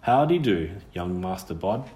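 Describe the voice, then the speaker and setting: A man's voice: deep voice, sing-song, measured pace, dark tone, echoey room. A man voicing a pert, wary young witch girl's ghost who speaks in a rustic country dialect.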